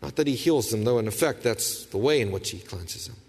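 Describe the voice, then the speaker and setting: A man's voice: medium pitch, lively intonation, a little fast, a little mellow, husky. A man in his forties preaching a sermon, his delivery rising and falling as he explains. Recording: reverberant hall.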